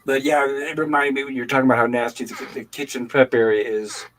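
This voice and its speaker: Older guy on a livestream, lively storytelling, plain middle voice. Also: mid-range voice, fairly quick, poor audio. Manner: animated storytelling. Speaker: livestream host. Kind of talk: casual chat.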